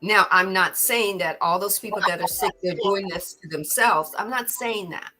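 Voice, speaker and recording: A woman's voice: mid-range voice, moderate pace, sharp tone, soft background music. A middle-aged woman hosting a podcast, giving an earnest spiritual talk and often repeating words as she gathers her thoughts. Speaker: podcast host.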